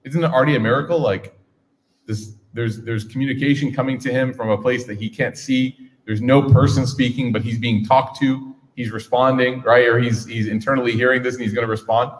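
A man's voice: medium pitch, fairly even intonation, fairly quick. A man teaching a class on scripture, casual and engaging, asking his audience questions. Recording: reverberant hall.

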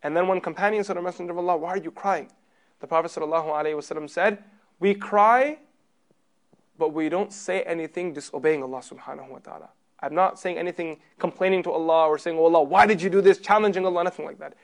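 A man teaching a religious class in a sermon style, emphatic, putting rhetorical questions to his listeners and moving between loud stress and soft low passages. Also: fast.

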